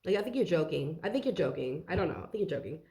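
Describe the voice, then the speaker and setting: A woman's voice: lowish voice, big pitch swings, rapid-fire, warm tone. A young woman giving a casual, rambling tarot reading, out of breath and swearing now and then. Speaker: tarot reader.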